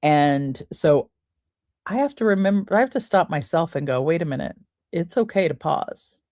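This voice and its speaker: A woman podcast host talking listeners through a breathing exercise in a slow, soothing way, counting the breaths aloud. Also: low-pitched, lively intonation, darkish tone, no room sound, clean studio sound. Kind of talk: guided breathing and wellness talk.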